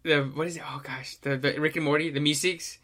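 A young man co-hosting a podcast, chatting casually in animated slang and swearing freely. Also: a little high, fast. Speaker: podcast co-host. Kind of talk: casual chat.

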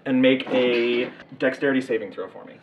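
A man's voice: medium pitch, fairly quick, noisy background. A man narrating as game master of a tabletop game, in a loose, rambling way full of fillers. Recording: distant, echoey, muffled mic.

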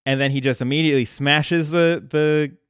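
A man hosting a podcast, casually retelling a cartoon episode at length in a relaxed storytelling manner. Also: on the high side, moderate pace, clean tone, dry recording, clean studio sound. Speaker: podcast host.

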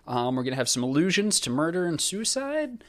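A man's voice: fairly high pitch, very animated, a little fast. Sardonic, profane man hosting a podcast. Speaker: podcast host. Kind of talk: casual podcast discussion.

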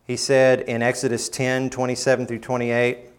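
A man preaching a sermon, rising to emphatic bursts and dropping low and quiet, sometimes acting out quoted lines in mock voices. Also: completely flat delivery, normal speed, clean tone. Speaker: pastor.

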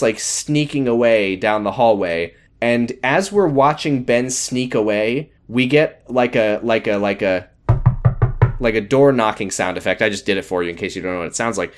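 A man's voice: medium pitch, moderate pace. A man co-hosting a podcast, chatting casually and recapping a TV show, acting out characters' lines in put-on voices. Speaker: podcast co-host.

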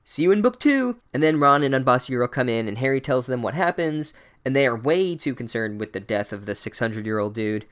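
A man's voice: mid-range voice, brisk, hardly any pauses, a bit bright. Man, podcast host, comedic recap, sarcastic, irreverent, casual.

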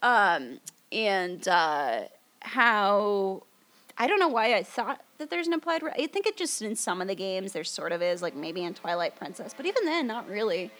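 A woman's voice: medium pitch, big pitch swings, normal speed, a bit bright. A woman co-hosting a podcast at a table during a livestream, chatting casually and rambling with lots of fillers. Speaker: podcast co-host. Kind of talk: casual chat.

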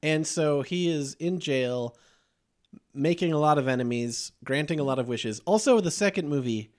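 A man's voice: fairly high pitch, animated, normal speed, a little mellow. A man hosting a podcast, chatting casually about horror movies and laughing often as he retells scenes. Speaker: podcast host. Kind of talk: casual movie review chat.

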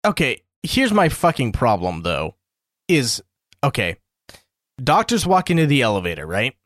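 A podcast co-host gripes bluntly and emphatically in casual chat, swearing casually as he goes. His medium-pitched voice has huge pitch swings, a slightly bright tone, and a normal speed. The recording is dry and studio quality.

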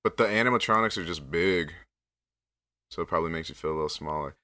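A man's voice: deep voice, fast talker, bright, forceful tone, no echo, studio quality. A man co-hosting a casual podcast chat, laid-back and jokey, swearing casually. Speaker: podcast co-host.

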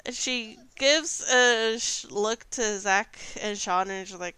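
A woman's voice: mid-range voice, slow, few pauses, pushed and bright, clean tone, no room sound. A woman narrating a tabletop game as game master in a casual storytelling manner.

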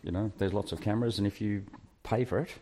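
Deep-voiced man asking questions. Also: quick pace, dark tone. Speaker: podcast co-host. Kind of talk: casual chat.

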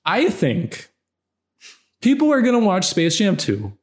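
A man's voice: high voice, huge pitch swings, measured pace. A man co-hosting a casual film chat, sarcastic and ranting, his voice jumping up when annoyed. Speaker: podcast co-host.

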